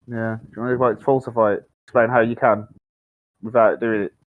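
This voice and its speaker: A fast-talking man with a Birmingham accent, tumbling through half-finished sentences in a heated live-stream debate. His voice comes through a slightly dull, lo-fi mic with a dry, close sound. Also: mid-range voice, flat delivery, no room sound. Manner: rambling, halting, easily riled.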